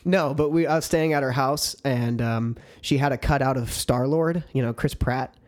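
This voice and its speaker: A man's voice: mid-range voice, moderate pace. A young man co-hosting a podcast, chatting casually, laughing easily and swearing often. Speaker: podcast co-host. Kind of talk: casual chat, storytelling.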